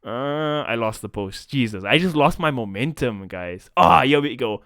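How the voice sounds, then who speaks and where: A man's voice: mid-range voice, expressive, moderate pace, a bit bright, dry recording, studio quality. A young South African man with a South African accent, ranting in a profane, casual-slang commentary vlog. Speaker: esports commentator.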